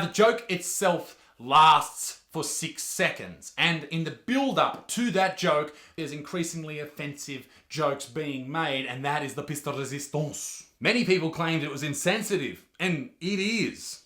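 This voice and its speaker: A high-pitched, bright Australian man rants loudly and profanely straight to the camera. He is a comedian running his own channel, and his voice bounces around an echoey room. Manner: loud, profane, animated ranting. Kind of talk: ranting reaction vlog.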